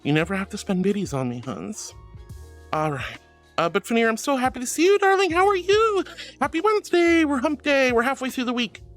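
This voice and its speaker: A woman live-streaming, gushing affectionately and giggling as she thanks her viewers in a soft, sweet way. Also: high voice, big pitch swings, brisk, soft background music. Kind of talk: casual live-stream chat.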